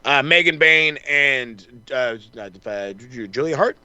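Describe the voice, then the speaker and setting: A man's voice: a little high, measured pace, bright, forceful tone, clean tone, dry recording. A man co-hosting a wrestling podcast, rambling through a casual recap, swearing freely and acting out the wrestlers' lines. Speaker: podcast co-host.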